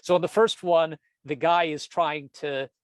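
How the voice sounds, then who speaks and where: A man, a comics editor and cartoonist, giving a storytelling presentation with jokey asides and animated self-interruptions. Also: fairly high pitch, unhurried, smooth, dry recording.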